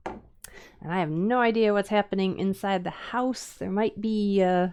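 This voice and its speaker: A woman's voice: medium pitch, unhurried, a little mellow, slight background noise. A middle-aged woman from the Upper Midwest with a Minnesota accent, chatting loosely on a live stream as a woodcarving teacher, rambling with fillers and restarts. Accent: Upper Midwest American. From Minnesota and Wisconsin. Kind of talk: casual live-stream chat while demonstrating carving.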